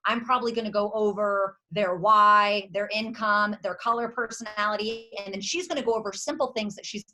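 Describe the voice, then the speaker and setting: Bright, emphatic woman coaching her team. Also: mid-range voice, fairly even intonation, brisk. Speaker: network marketing team leader. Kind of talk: motivational leadership call. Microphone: video or conference call.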